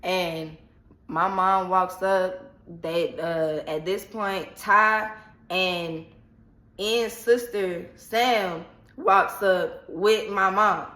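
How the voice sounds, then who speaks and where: A woman vlogger casually retelling a personal story in an animated, slangy, dramatic way. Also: on the low side, very slow. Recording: echoey room.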